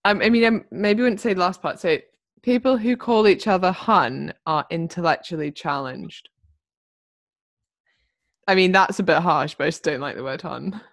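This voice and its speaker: Animated young woman chatting. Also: on the low side. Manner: chatty, animated, quick to laugh. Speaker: podcast co-host. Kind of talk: casual chat.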